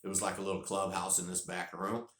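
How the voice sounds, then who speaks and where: A man's voice: low voice, fast talker, roomy sound. Folksy man telling a story. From North Carolina. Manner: folksy, rambling, repeats words when excited. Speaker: vlogger. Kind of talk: casual storytelling.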